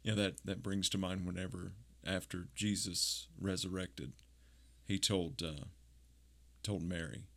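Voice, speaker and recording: A man interviewing a guest about faith and grief, speaking gently and affirmingly. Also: low-pitched, steady tone, measured pace, vocal fry.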